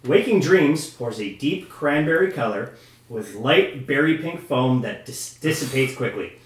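A man's voice: medium pitch, lively intonation, measured pace. A man hosting a beer-tasting podcast, casually reading a beer's description aloud to friends. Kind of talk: casual group chat, reading a label aloud. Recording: roomy, off-mic, crowd behind.

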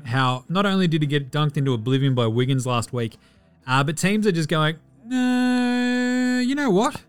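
Animated and brisk, this medium-pitched Australian host has a clean tone over faint background music. On his casual sports podcast he's profane and jokey about player stats, tossing off impressions of players on the side.

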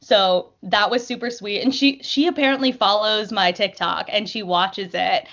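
A woman's voice: mid-range voice, normal speed, fairly bright tone, muffled recording. A young woman chatting casually as a podcast guest, telling stories with lots of fillers and playful quoted voices. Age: young adult. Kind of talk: casual chat.

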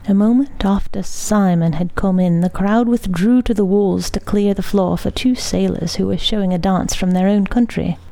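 Female storybook reader, soft hushed narration, dark mellow tone. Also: medium pitch, steady tone, normal speed, gravelly, few pauses. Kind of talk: storybook reading aloud.

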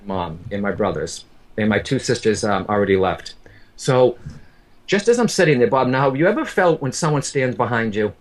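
A man's voice: medium pitch, lively intonation, normal speed. Man, medium, earnest emotional storytelling, repeats himself, talks straight to the host. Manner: earnest, repeats phrases, addresses the host by name.

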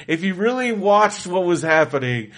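A man co-hosting a podcast in casual chat, talking excitedly and rambling with lots of fillers. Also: high-pitched, normal speed. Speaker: podcast co-host.

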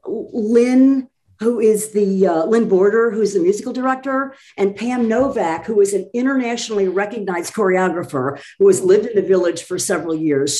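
A woman's voice: medium pitch, dark tone. A woman chatting eagerly as a guest about a community theater show. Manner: enthusiastic, talks quickly in bursts. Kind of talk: casual chat.

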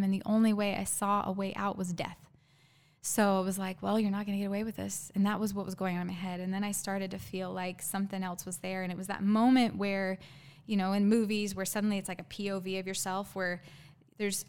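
A female guest recounts a painful personal story, speaking earnestly but haltingly, full of fillers and restarts. Her voice is mid-range with a clean tone.

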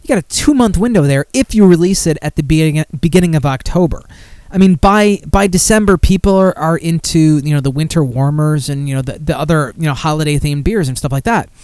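A man hosting a podcast, rambling and talking bluntly with plenty of swearing in a slightly high voice. The sound is close and dry, with no room echo. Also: a little fast, darkish tone, clean tone. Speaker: podcast host. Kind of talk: casual chat.

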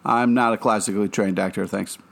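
A man's voice: on the low side, fairly even intonation, fairly quick, gravelly. A man co-hosting a podcast, chatting enthusiastically with rambling fillers. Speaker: podcast co-host. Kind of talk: casual podcast chat.

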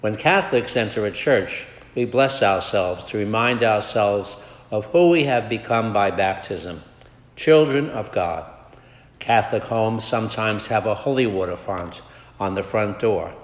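A Redemptorist priest, a man, reading scripture and preaching a homily in a measured, deliberate way. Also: lowish voice. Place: large basilica. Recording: echoey church with long reverb.

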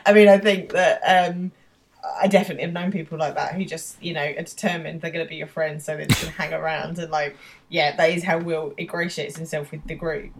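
A woman's voice: low voice, level tone, fairly quick. A woman co-hosting a podcast, chatting casually and laughing as she recaps a TV episode. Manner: chatty, laughing, many "like" fillers. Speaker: podcast co-host.

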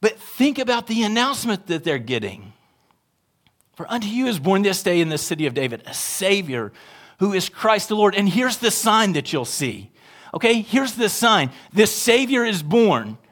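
A man, an associate pastor, preaching a sermon in a conversational, animated way, often checking in with his listeners and swinging between emphatic raised lines and quiet asides. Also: sits high, normal speed. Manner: conversational, animated preaching with frequent tag questions to the congregation.

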